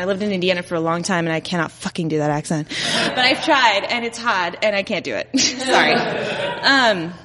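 A woman's voice: on the high side, a bit bright. A woman from Dallas telling stories on stage, playful and laughing often. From Dallas, Texas. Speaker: storyteller on stage. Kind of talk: live stand-up storytelling. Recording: live hall with long reverb.

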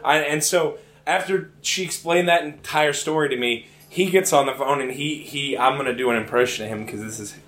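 Onstage at a live comedy club, a young man from Richmond, Virginia spins a rambling story, restarting often and cracking himself up. His mid-range voice is a bit bright and fairly quick, with hardly any pauses, and the sound is reverberant.

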